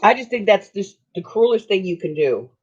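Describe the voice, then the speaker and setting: A woman's voice: medium pitch, lively intonation, normal speed, darkish tone, slightly rough. An older woman hosting her own channel, telling stories in a chatty, folksy way and laughing often. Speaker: craft channel host. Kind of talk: casual storytelling chat. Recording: dull lo-fi sound.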